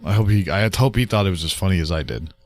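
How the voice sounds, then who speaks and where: A man hosting a podcast, teasing his co-hosts with quick questions in casual studio banter, in what he calls a bland voice. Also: sits low, no room sound. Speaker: podcast host. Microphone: studio mic.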